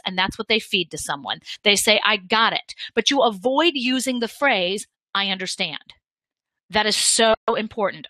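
A middle-aged woman giving a training lecture on communication, acting out the quoted lines of dialogue with lively energy. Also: mid-range voice, dry recording, rough recording. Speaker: workshop presenter.

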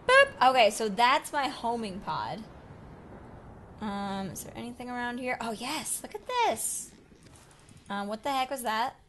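A young woman hosting a casual let's play, excitable and talking to game creatures as she plays. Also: fairly high pitch, a little slow, a little hiss or hum. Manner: excitable, talks to game creatures, jumps from whispers to yelps. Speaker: gaming channel host.

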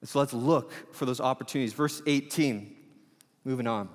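A male pastor preaching a sermon in a conversational, storytelling way, full of quick asides. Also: mid-range voice, big-room sound.

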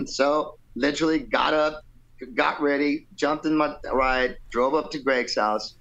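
A man's voice: fairly high pitch, unhurried, dull audio. A male rock singer telling a long, rambling story in a casual interview, playfully acting out other people's lines. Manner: animated, playful, acts out quotes with shifting voice; laid-back, rambling with fillers and "you know". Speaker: rock vocalist guest.

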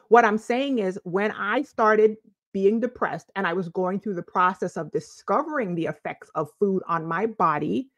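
A woman's voice: medium pitch, a bit bright, no room sound. A woman from the Virgin Islands, a life coach, giving emphatic advice straight to camera in a chatty vlog, repeating her key points.

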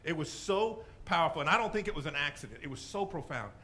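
Man, pastor, high voice, bright tone, animated emphatic sermon. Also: fast talker.

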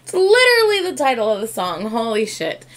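A woman's voice: a little high, wildly swooping pitch, fairly quick, a bit bright. A woman reacting to a music video in casual, chatty commentary, gushing and swearing freely.

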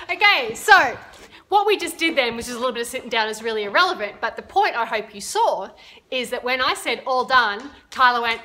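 A woman's voice: on the high side, animated, moderate pace, bright, forceful tone, a little hiss or hum. A woman dog trainer chatting through a casual instructional video, explaining her ideas with everyday examples.

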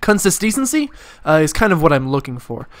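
A let's play commentator with a slightly high voice and big pitch swings talks fairly quickly through a video game run. His casual commentary rambles through loose tangents, full of jokey asides that poke fun at his own play.

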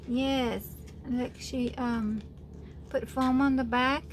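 A woman chatting casually while opening mail on a home craft vlog, gushing and excitable with frequent exclamations. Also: on the high side, takes it slowly, slight background noise. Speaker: craft vlogger opening birthday challenge mail. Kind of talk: casual unboxing chat.

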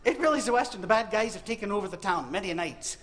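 In a university auditorium, a preacher delivers a humorous sermon, turning a Bible story into comic tales and acting out the voices. His voice is high-pitched, a bit bright, and expressive, and he talks fast.

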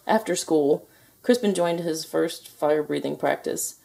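A woman reads a children's storybook aloud, lively and expressive. Her voice is mellow and soft, with a breathy edge. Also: sits low, measured pace. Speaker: storybook reader.

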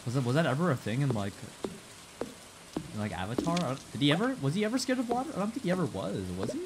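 A young male streamer talks casually to his chat, rambling, restarting lines and swearing. His pitch swings up and down a lot. A clear layer of background noise runs under the voice. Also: sing-song, quick pace.

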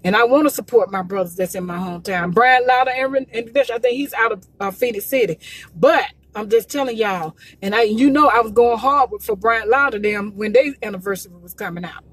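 A woman's voice: fairly high pitch, brisk, dry recording. A woman from Georgia, promoting gospel quartet music in an emphatic, repetitive, preachy live talk from her phone. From Columbus, Georgia. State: emotional, near tears. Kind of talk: live social media talk. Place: in a car by the road.

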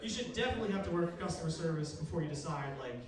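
A young man from Philadelphia doing a stand-up set, deadpan and halting with fillers, heard from a club stage with a handheld mic. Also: fairly high pitch, distant mic, crowd noise. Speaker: stand-up comedian. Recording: echoey club recorded from afar, loud noise. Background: audience laughter.

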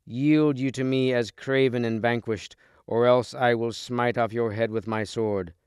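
A man voicing a fierce, proud knight who taunts his foe in a loud, raised voice, in a storybook reading. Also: mid-range voice, steady tone, measured pace, clear, resonant tone, no room sound, studio quality, lightly acted. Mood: taunting.

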